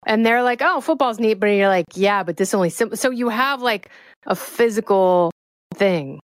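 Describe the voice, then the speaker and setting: A middle-aged woman chatting as a podcast guest, telling an animated story with playful quick delivery. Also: medium pitch, no room sound. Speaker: podcast guest, fellow host. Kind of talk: casual chat, storytelling.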